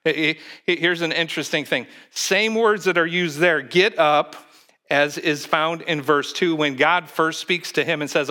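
A man's voice: a little high, pushed and bright. A man preaching a sermon in a conversational way, asking the congregation questions and acting out quotes, with frequent restarts. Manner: halting, with restarts and fillers. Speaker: pastor.

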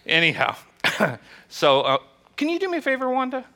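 A man preaching to a small church gathering, chatty and joking and quick to laugh. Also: very high-pitched, wildly swooping pitch, pushed and bright. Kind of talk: casual joke-telling and church teaching.

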